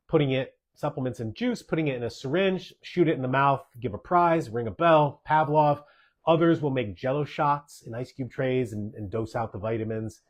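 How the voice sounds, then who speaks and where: In a relaxed podcast Q&A, a doctor with a mid-pitched voice responds to listener questions in a chatty way. He speaks emphatically, repeats his key points to hammer them in, and ends sentences with "okay?"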